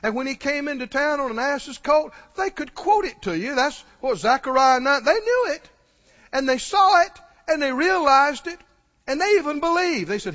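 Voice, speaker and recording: A man's voice: very high voice, lively intonation, normal speed, a bit bright. A man preaching a sermon, urgently pressing his congregation with questions. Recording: dull recording, long hall reverb.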